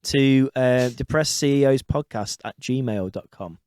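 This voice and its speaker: Smooth-voiced man in his thirties. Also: mid-range voice, unhurried, darkish tone. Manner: jokey, sweary banter. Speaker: podcast co-host. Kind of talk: casual chat.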